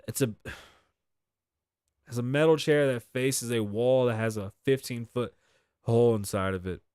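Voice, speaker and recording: A Boston man hosts a casual solo commentary show, reading news aloud and riffing on it bluntly with plenty of profanity. His mid-range voice is clear, resonant, and a little mellow, at normal speed. The sound is studio quality with no room sound.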